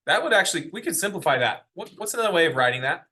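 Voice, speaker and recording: Bright-voiced man teaching math. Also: high voice, very animated, racing. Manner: explaining step by step, asking the class questions. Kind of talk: classroom lecture. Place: classroom.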